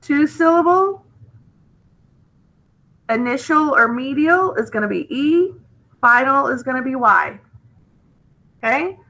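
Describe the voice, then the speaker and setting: A woman's voice: high-pitched, animated, slow pace, pauses often, sharp tone, poor audio. A woman, teaching a recorded phonics lesson in a chatty, encouraging way and often checking in with "okay?".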